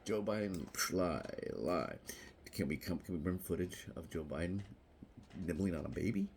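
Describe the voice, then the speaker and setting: A middle-aged man giving a rambling political vlog monologue, mocking and laughing at his own jokes, breaking into shrill squeals. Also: lively intonation, normal speed, gravelly, darkish tone, slight background noise. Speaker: vlogger.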